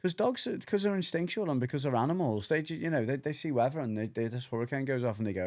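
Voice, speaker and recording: A man co-hosting a casual podcast chat, explaining dog behaviour as an animated storyteller who acts out voices and swears freely. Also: mid-range voice, fast, few pauses.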